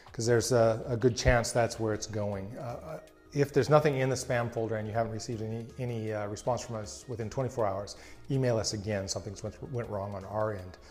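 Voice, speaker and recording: A man with an ordinary mid-pitched voice talks casually and plainly as a small business owner explaining how to get help. He sounds reassuring and often restarts his sentences. Faint music plays quietly behind him. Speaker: small business owner answering customer questions. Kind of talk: casual talk to camera.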